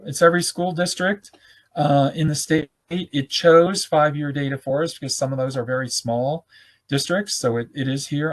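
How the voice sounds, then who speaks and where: A man with a fairly high voice presents a live webinar, walking viewers through a software demo informally, thinking aloud and correcting himself. He is losing his voice, so he sounds a little hoarse.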